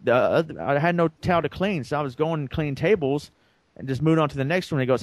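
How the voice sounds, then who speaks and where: A man's voice: on the high side, expressive, fast talker, no echo. A man co-hosting a podcast, telling a long story in a rambling, casual way and acting out the lines of the people in it. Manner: rambling, acts out quoted dialogue. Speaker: podcast co-host.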